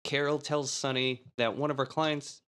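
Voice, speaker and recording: A man's voice: medium pitch, flat delivery, normal speed, a bit bright, smooth. Laughing man recapping a film. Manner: laughs often, rambling recap with quoted lines. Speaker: podcast co-host. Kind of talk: casual chat recapping a film.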